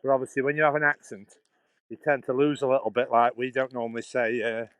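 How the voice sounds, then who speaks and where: A man's voice: mid-range voice, flat delivery, quick pace, a bit bright, clear, resonant tone, no room sound, rough recording. A middle-aged man from England with a Stoke-on-Trent Potteries accent that drops his H's, chatting to live-stream viewers on a phone while walking a canal path outdoors, rambling and chuckling as he goes. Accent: Stoke-on-Trent Potteries, dropped H's. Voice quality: chatty, laughing, restarting phrases. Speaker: vlogger live-streaming a walk. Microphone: phone held while walking.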